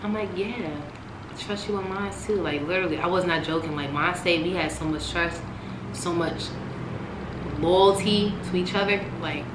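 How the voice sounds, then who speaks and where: Animated young woman in an echoey room. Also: on the low side, normal speed, background noise. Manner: animated, swearing, swings from loud to hushed. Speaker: vlogger telling a story. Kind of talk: casual storytime.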